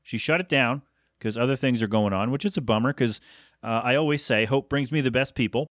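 Male podcast host, thirties, rapid rambling delivery, dry close mic, mid pitch. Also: fairly bright tone, no room sound. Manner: fast, self-interrupting, chatty. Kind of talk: rambling solo podcast monologue.

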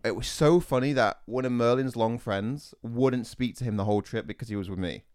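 A young man telling a story in casual podcast chat, animated and swearing freely. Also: medium pitch, clean tone, no room sound, clean studio sound. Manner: animated, swearing, quick retorts. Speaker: podcast host.

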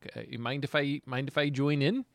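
A man's voice: medium pitch, fairly even intonation, a little fast, gravelly, natural voice. A man voicing a chatty, folksy middle-aged townsman who talks with hesitant fillers. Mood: friendly.

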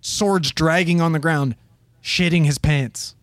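Slow and fairly high-pitched, a young paramedic's voice comes through a dry recording. He narrates an outrageous work story casually with lots of profanity, animatedly playing the different people in it.

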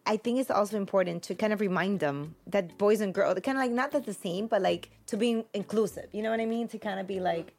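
A woman's voice: mid-range voice, fast, few pauses, darkish tone, faint music behind. A woman on a parenting podcast, talking in a reflective, rambling way with lots of fillers. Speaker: mother on a parenting podcast panel. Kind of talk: casual podcast conversation.

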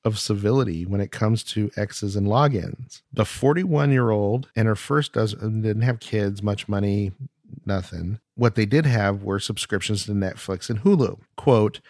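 A man's voice: lowish voice, measured pace, darkish tone, dry recording, studio quality. A man hosting a podcast in casual chat, reading news articles aloud with playful mock drama. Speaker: podcast host.

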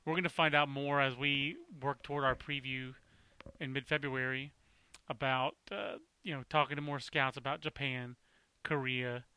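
A man's voice: medium pitch, steady tone, normal speed, bright, forceful tone, clean tone, no room sound. A man co-hosting a podcast in casual sports chat, rambling through anecdotes and correcting himself as he goes. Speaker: podcast co-host.

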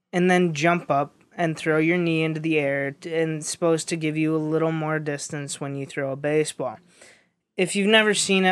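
A man's voice: fairly high pitch, clean tone. A young man telling a rambling story in casual chat, with lots of fillers and restarts.

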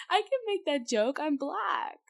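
A woman's voice: extremely high pitch, gravelly, bright, forceful tone. A teenage girl co-hosting a podcast in casual chat, bubbly and teasing, laughing often. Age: teens. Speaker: podcast co-host.

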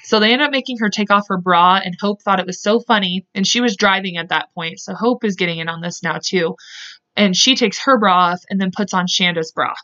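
A woman's voice: mid-range voice, brisk, sharp tone. Casting note: woman podcast host, loose true-crime storytelling, swears, self-corrects, muffled lo-fi sound. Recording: dull lo-fi podcast audio.

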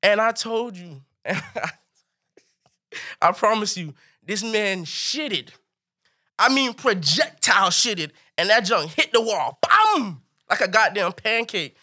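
Bright-voiced, animated male storyteller. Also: slow pace. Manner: animated, swings into high excited pitch for punchlines. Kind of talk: comic storytelling.

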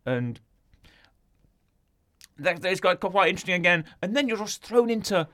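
A man chatting casually about a film, animated and jokey, acting out scenes. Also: sits high, moderate pace. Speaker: film reviewer. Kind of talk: casual chat.

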